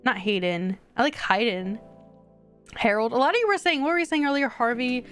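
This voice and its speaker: A woman streaming a life-simulation game, chatting excitably with her viewers in casual live commentary. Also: sits high, very fast, soft background music.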